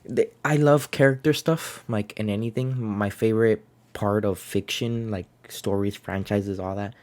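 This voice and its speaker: A young man with a somewhat low voice chats his way through a comic review. He restarts sentences often and keeps it loose and unpolished. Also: steady tone, unhurried, a little mellow. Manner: rambling, chatty, frequent restarts and laughs. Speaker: manga reviewer. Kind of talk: casual video review.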